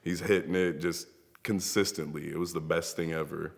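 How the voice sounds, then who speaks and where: A man's voice: low-pitched, fairly even intonation, moderate pace, creaky, big-room sound. A young man and wrestler, grieving, telling heartfelt rambling stories in a tribute to a late friend, seated before a camera. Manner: heartfelt, rambling storytelling with frequent laughs. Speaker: professional wrestler. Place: seated in front of a camera, indoors. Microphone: camera mic.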